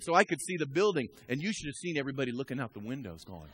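A male preacher tells a story from the pulpit with a bright, forceful tone and a voice pitched a little high. He drops to a near murmur, then climbs to full shouts, and keeps calling on the listeners to stand with him. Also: expressive, very fast, slight background noise. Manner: dramatic swings from hushed murmur to shouting; exhorting the congregation directly. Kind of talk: storytelling sermon.

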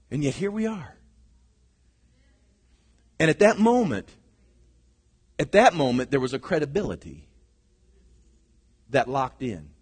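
A middle-aged pastor delivers a sermon in a high, lifted voice. He swings between shouted bursts and quiet, hushed asides. The sound carries the long echo of a large sanctuary. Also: husky. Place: church sanctuary. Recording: long reverb of a large hall.

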